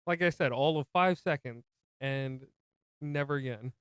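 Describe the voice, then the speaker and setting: A man's voice: medium pitch, normal speed, clean tone, dry recording, clean studio sound. A man co-hosting a movie podcast, casually retelling the plot with jokey asides. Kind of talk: casual film recap chat.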